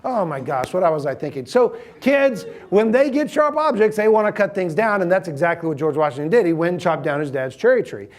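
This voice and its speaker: Lively man preaching. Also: sits high, fairly quick, hardly any pauses. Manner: animated storytelling with humor; conversational, asks the audience questions. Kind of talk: sermon to a live audience.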